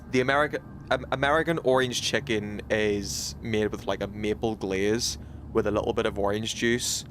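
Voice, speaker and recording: A man's voice: on the low side, fairly bright tone, a little hiss or hum. A British man streaming a game, chatting casually with his viewers in a rambling way, full of fillers and restarts. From United Kingdom. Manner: rambling, many fillers and restarts, reacts to chat.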